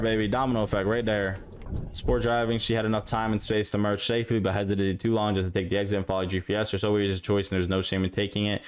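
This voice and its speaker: A man reacting to dashcam clips for his stream, casual and profane, scolding the drivers on screen. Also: fairly low pitch. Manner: profane, exasperated, talks straight to the drivers.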